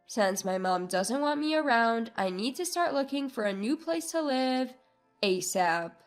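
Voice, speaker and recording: A woman narrating a first-person family story in a measured, subdued way. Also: fairly high pitch, expressive. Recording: narration with soft background music.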